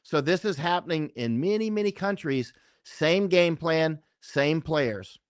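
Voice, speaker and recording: Emphatic rambling man, fairly high voice. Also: expressive, a little slow, clean tone, no room sound, studio quality. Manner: rambling, keeps asking "right?". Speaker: guest. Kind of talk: conversational interview talk.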